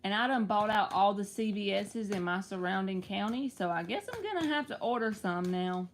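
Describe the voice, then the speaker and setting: A woman's voice: medium pitch, expressive, moderate pace, a little hiss or hum. A woman hosting a live tarot reading, talking in a chatty, reassuring way with playful slang.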